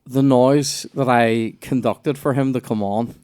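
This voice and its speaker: A young Northern Irish man chats loosely as a podcast host, spinning anecdotes that wander and restart. He swears freely and talks at an ordinary pitch for a man. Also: steady tone, measured pace, darkish tone, clean tone. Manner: rambling, sweary storytelling with lots of restarts. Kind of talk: casual chat.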